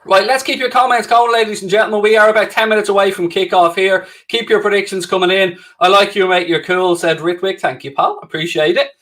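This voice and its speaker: A man's voice: sits high, fairly even intonation, brisk, few pauses, fairly bright tone. Chatty Irish man hosting a livestream. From Ireland. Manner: cheerful, chatty, self-mocking banter. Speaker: livestream host. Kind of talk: casual live chat reading viewer comments.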